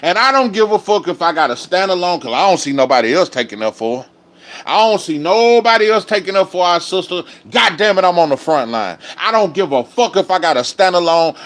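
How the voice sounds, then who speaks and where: A man's voice: a little high, sing-song, brisk, a bit bright. A man, hosting a live-stream commentary with profane, emphatic ranting. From Dallas area, Texas. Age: 30s. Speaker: host.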